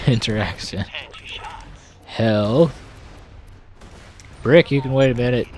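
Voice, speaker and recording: Host, male, mid-pitched, gameplay commentary, grumbly asides, faint background ambience. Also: takes it slowly, darkish tone, a little hiss or hum. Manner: grumbly, talks back to game characters. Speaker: gaming channel host.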